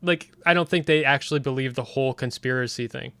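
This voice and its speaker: A man's voice: medium pitch, fast, sharp tone, clean tone, no room sound. A man in casual group chat, rambling with many restarts and fillers. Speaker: podcast guest.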